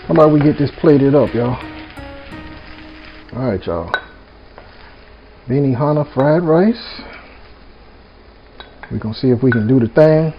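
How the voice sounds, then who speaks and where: A man hosts a relaxed cooking vlog from his home kitchen, chatting in a folksy way straight to the viewers. His voice sits at a middling pitch and comes through dull and lo-fi, with music playing underneath and a pan sizzling. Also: a little slow, long pauses. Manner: folksy, keeps addressing viewers as "y'all". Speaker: home cook, channel host. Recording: dull lo-fi audio with music bed. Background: background music and sizzling pan.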